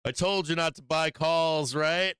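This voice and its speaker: A man's voice: on the high side, fairly even intonation, a little slow, fairly bright tone, smooth, no echo, clean studio sound. A man hosting a live stock market stream, commenting casually on charts, laughing often, swearing and teasing his chat. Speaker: stock market livestream host.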